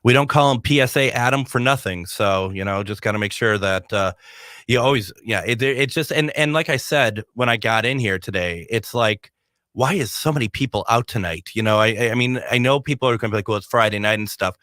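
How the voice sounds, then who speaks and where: A man's voice: mid-range voice, fairly quick, fairly bright tone, no echo. A male host of a paranormal radio show, chatting casually from the studio and rambling with many restarts.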